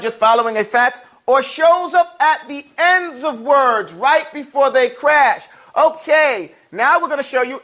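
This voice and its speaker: Man, teacher, classroom lesson, call-and-response, patient explaining, strikingly high voice. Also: a bit bright. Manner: call-and-response, has the class repeat words. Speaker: Arabic and Quran recitation teacher.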